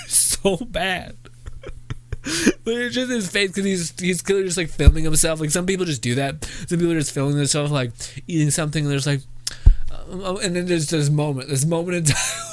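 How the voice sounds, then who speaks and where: A man's voice: a little high, expressive, a little fast. A man hosting a casual reaction video who rambles, swears freely and keeps breaking into laughter.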